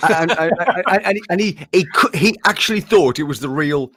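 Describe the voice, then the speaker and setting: Animated male guest who breaks into quick voice impressions, pitch swinging widely. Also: no echo, studio quality. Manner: animated, jumps into impressions, laughs often. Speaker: voice-over artist guest. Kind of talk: casual interview storytelling.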